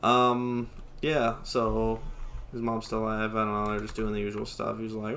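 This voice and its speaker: A man's voice: little pitch movement, moderate pace, a bit bright, a little hiss or hum. A man hosting a podcast, chatting casually with a sarcastic, jokey, ranting manner. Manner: sarcastic, jokey, ranting, often mimics characters in a squeaky falsetto. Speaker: podcast host. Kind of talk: casual chat.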